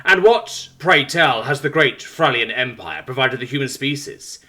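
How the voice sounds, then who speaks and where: A man's voice: medium pitch, lively intonation, moderate pace, sharp tone, pitched above the performer's own voice. A man voicing a weary male human ambassador who speaks firmly and sarcastically. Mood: sarcastic. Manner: sarcastic, firm.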